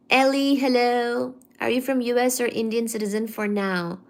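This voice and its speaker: A woman hosting a casual live stream, reading viewer comments aloud and teasing back in a careful, clearly articulated way. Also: fairly high pitch, steady tone, moderate pace, hardly any pauses. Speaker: livestream host.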